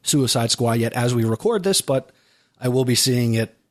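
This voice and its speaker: A man hosting a podcast in casual chat, who slows down to spell out web addresses. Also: medium pitch, expressive. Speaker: podcast host.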